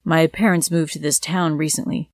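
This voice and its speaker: A woman voicing a friendly, soft-spoken young man in a told story. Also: sits low, steady tone, moderate pace, no room sound, clean studio sound, pitched below the performer's own voice.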